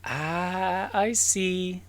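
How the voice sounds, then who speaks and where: A woman's voice: lowish voice, fairly even intonation, drawn-out words, no room sound, voice pushed up. A game master voicing a blunt young female werewolf who scolds her brother dryly.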